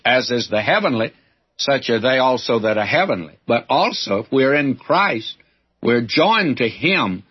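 Older preacher with husky, lively voice. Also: male voice, mid-range voice, no room sound. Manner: folksy, emphatic Bible teaching. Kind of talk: sermon. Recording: dull, lo-fi older recording.

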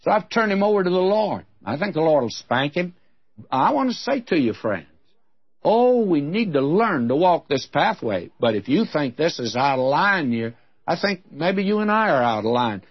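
A man's voice: a little high, very animated, moderate pace, slightly rough, muffled recording. A man giving a sermon as a Bible teacher, in a frank, folksy, conversational way.

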